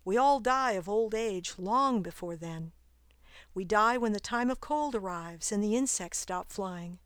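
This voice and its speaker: A woman voicing a wise, calm spider near the end of its life, speaking in a gently teasing, philosophical way in a storybook reading. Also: mid-range voice, unhurried, no room sound, studio quality, close to an everyday voice. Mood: resigned. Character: wise calm female garden spider nearing death.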